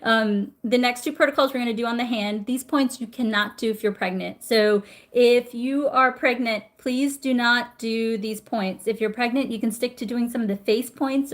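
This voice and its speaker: A middle-aged woman teaching acupressure on a live stream, chatty and warm, stopping to greet viewers. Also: on the high side. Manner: warm, chatty, reads viewer comments aloud. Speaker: acupressure instructor. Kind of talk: live-streamed health lesson.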